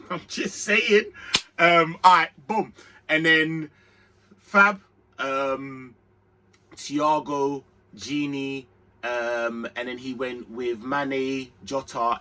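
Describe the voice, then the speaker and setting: A young man hosting an excitable, slangy fan reaction to a football match. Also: mid-range voice. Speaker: football channel host.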